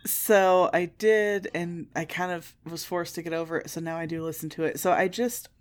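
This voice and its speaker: A woman's voice: on the low side, fairly even intonation, normal speed. A woman with a Midwestern American accent co-hosting a podcast, chatting candidly, swearing freely and laughing at herself. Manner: candid, profane, self-mocking, laughs often. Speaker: podcast co-host. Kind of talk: casual chat.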